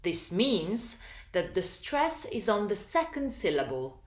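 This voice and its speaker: Slow, lively woman teaching. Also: medium pitch, roomy sound. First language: Italian. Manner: slow, deliberate teaching delivery. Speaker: English teacher. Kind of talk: recorded lesson narration.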